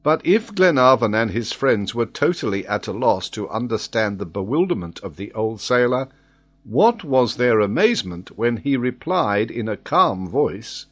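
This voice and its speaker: A man narrating a classic adventure novel in a measured, expressive reading. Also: medium pitch. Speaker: audiobook narrator.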